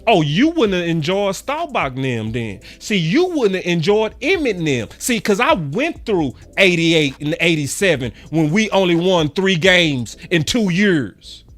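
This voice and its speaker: A man's voice: high voice, sing-song, measured pace, few pauses, a bit bright, soft background music. A man in his forties, a sports fan commentator, giving a passionate and repetitive rant to camera with preachy emphasis.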